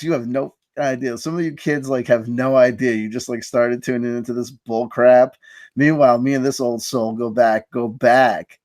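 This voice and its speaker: A man's voice: medium pitch, darkish tone, no echo. A man hosting a live online stream, telling a story in a mock-grandiose, self-mocking way. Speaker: host. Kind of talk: casual live-stream chat.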